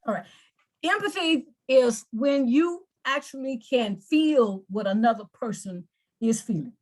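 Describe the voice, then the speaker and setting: A woman's voice: a little high, lively intonation, a little slow, a little mellow. A woman anger management coach in an interview, explaining earnestly with examples and often repeating words.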